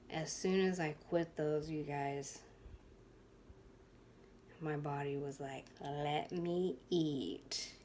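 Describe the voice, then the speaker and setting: Low-voiced unhurried young woman vlogger. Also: darkish tone, a little hiss or hum. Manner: chatty and frank, with many fillers and restarts. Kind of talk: candid storytelling to camera.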